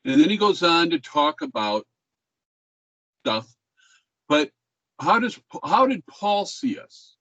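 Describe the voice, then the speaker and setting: A man's voice: a little high, sing-song, slow pace, long pauses, fairly bright tone, no echo, poor audio. An older man teaching an online class, talking in a laid-back way and checking in with questions. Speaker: music professor.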